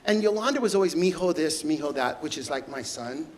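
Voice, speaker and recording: A middle-aged man telling emotional stories as a guest onstage, halting and stumbling over repeated words. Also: a little high, expressive, slight background noise, rough recording. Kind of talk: emotional storytelling conversation.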